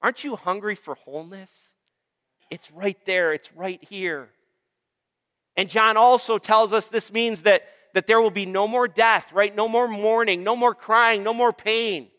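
A male pastor preaching a sermon in a church, emphatic, drawing out slow repeated lists and calling for amens. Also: high-pitched, pushed and bright, long reverb tail. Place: church sanctuary.

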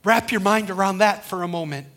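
A man's voice: high-pitched, a little fast, a bit bright. A middle-aged male pastor preaching a sermon, retelling a story and acting out the quoted voices.

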